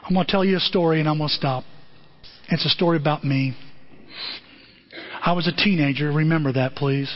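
A man's voice: a little high, fairly even intonation, a little fast, long pauses. A man preaching a sermon, telling a personal story in an earnest, self-deprecating way. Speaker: pastor. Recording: dull lo-fi sermon recording.

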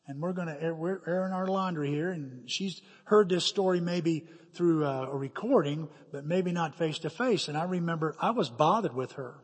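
A man's voice: on the high side, moderate pace, hardly any pauses, slightly rough. A middle-aged man preaching a sermon as a pastor, telling personal stories with emphatic, dramatic quoted asides. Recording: hall reverb.

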